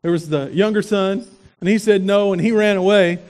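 A male pastor preaching a sermon in an animated way, asking the congregation rhetorical questions. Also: high-pitched, moderate pace.

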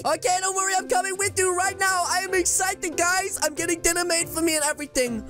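A young man, his voice pitched unusually high, chatters excitedly through his gameplay. He addresses his viewers directly in a playful, teasing way, with light background music underneath. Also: fairly quick, hardly any pauses. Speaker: gaming YouTuber. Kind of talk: game commentary.

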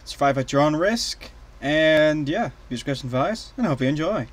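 Excitable young man narrating a game. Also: on the high side, normal speed. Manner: excitable, shouting and cackling at the game. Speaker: gaming channel host. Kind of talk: let's play commentary.

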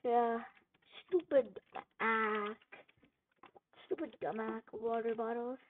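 A woman giving gameplay commentary, frustrated, swearing and yelling at the game. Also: fairly high pitch, fairly even intonation, slow pace. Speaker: gamer. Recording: tinny phone-like audio with faint noise.

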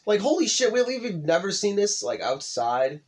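A man's voice: sits high, very animated, normal speed. Blunt, swearing young man gaming. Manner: blunt, swears, yells when startled. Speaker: let's play host. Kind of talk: casual gaming commentary.

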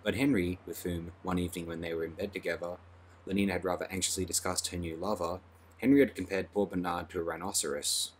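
A man narrating an audiobook in a measured, dry reading. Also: low voice, fairly even intonation, a little hiss or hum.

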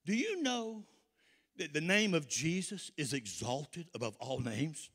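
Southern preacher with a bright high voice. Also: male voice, big pitch swings, measured pace, long reverb tail. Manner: call-and-response preaching, rising to shouts. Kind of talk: sermon.

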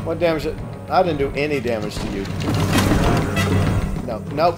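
A man hosting a casual gameplay commentary, cursing and yelling at the game. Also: fairly high pitch, very animated, a little fast, over music. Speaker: gaming let's-play host.

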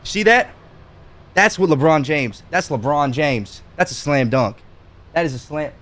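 Male streamer, cocky and jokey, winded from jumping, slightly high voice. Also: animated, measured pace, a bit bright. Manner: boastful and joking, talking straight to chat; jumping around while talking, breathless at times. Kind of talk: casual live-stream game commentary.

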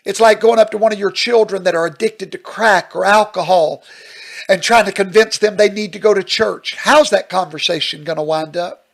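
A man's voice: high-pitched, normal speed, vocal fry, poor audio. A male pastor teaching at a Bible study question and answer session, earnest and emphatic, often checking in with "Amen?".

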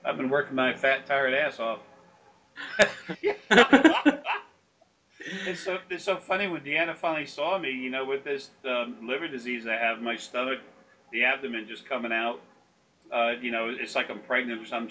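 A man's voice: mid-range voice, moderate pace, bright, forceful tone, slight background noise, low-quality recording. A man talking as a spiritual consultant in rambling, profane casual chat that often turns preachy.

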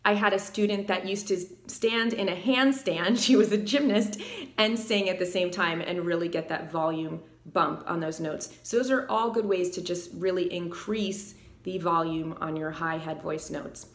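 A woman vocal coach with a low alto voice explaining singing technique and singing short demonstration phrases. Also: moderate pace, reverberant. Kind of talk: singing tutorial.

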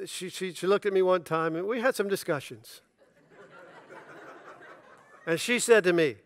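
A middle-aged male pastor delivers a sermon through lively personal storytelling, slipping into the voices of the people in his anecdotes. His voice sits a little higher than most men's. The sound is dry and close, with no room around it. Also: no room sound. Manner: storytelling, animated, acts out dialogue with laughter.

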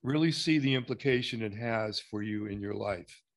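A man's voice: fairly low pitch, normal speed. A man with an American accent coaching a client in a consultation, asking direct, probing questions and laughing easily. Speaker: structural consultant.

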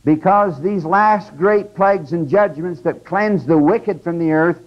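Older male lecturer, raised pitch, conversational and emphatic, dull old lecture tape. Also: measured pace. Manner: conversational, emphatic teaching with asides. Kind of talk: religious lecture.

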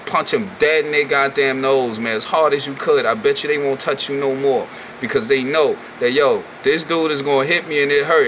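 A middle-aged man talks straight to camera, animated and full of slang, acting out the other people's voices as he goes. His voice is bright and forceful. A faint hum of air conditioning and traffic sits behind him. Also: mid-range voice, poor audio. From New York City. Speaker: vlogger telling a personal story. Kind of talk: casual storytelling to camera.

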